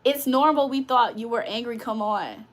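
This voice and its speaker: A woman's voice: on the high side, moderate pace. A woman hosting a casual livestream, talking to her viewers in a blunt, profane, confrontational way. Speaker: livestream host. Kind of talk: casual live chat to viewers.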